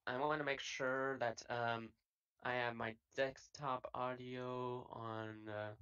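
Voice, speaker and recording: A relaxed, chatty co-host joining a casual reaction chat. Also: mid-range voice, slow, smooth, muffled recording. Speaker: co-host guest.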